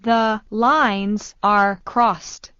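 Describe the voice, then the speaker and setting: A woman reading English phrases slowly, repeating each one for learners. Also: medium pitch, clear, resonant tone, dry recording. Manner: slow, even repetition of each phrase. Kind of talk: slow scripted phrase reading. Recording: dull dry studio sound.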